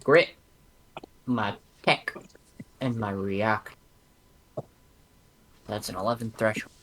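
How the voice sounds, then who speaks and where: A man's voice: fairly low pitch, slow, a bit bright, a little hiss or hum. A man playing in a tabletop game, talking casually and rambling, often correcting himself mid-sentence. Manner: rambling, self-correcting speech. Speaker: player.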